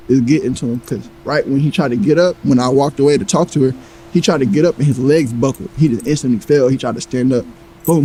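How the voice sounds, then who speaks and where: Man, casual storytelling, animated, profane, mellow voice, faint noise behind. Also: mid-range voice, poor audio. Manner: animated, acts out quoted lines, heavy profanity.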